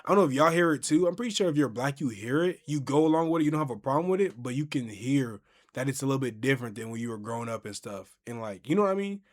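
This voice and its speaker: A man's voice: mid-range voice, quick pace. A man hosting a casual podcast chat, telling stories and acting out what people say. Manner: animated storyteller, acts out quotes. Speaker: podcast host.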